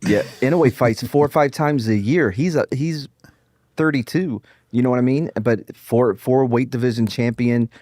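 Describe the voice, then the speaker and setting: A man co-hosting a casual podcast, excitable and joking, often laughing. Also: medium pitch, normal speed, dry recording, studio quality. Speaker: co-host.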